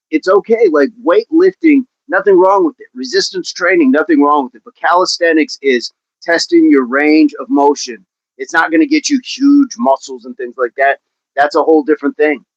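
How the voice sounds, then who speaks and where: A man's voice: mid-range voice, fairly bright tone, dry recording. A man coaching fitness on a livestream, talking with viewers in an upbeat, encouraging way and often repeating his phrases. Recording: dull, dry livestream audio.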